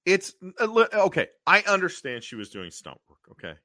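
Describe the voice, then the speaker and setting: A man co-hosting a podcast, recapping an old TV episode in an animated way, acting out the characters' lines and often clearing his throat. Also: high-pitched, brisk, dry recording, clean studio sound. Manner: animated storytelling, acting out quotes in funny voices. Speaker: podcast co-host.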